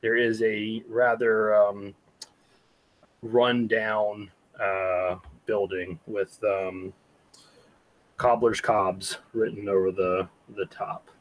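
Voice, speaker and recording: A man running a tabletop game as game master, narrating in a halting way with many pauses. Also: lowish voice, level tone, low-quality recording. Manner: halting, full of fillers and restarts.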